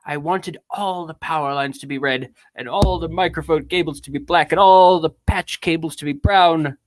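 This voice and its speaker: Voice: medium pitch, normal speed, a little hiss or hum, lightly acted. A streamer putting on a grandiose, affected British confessor. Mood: anguished. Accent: put-on British. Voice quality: theatrical, affected drawl. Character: grandiose anguished man reading his own confession. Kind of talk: dramatic reading of a text.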